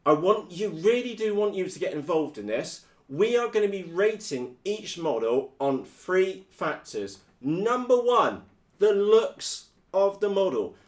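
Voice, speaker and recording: A British man from the United Kingdom hosting a live stream about his radio-controlled models, blunt, energetic and full of slang. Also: sits high, measured pace, roomy sound. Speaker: RC hobby video host. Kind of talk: casual live-stream chat.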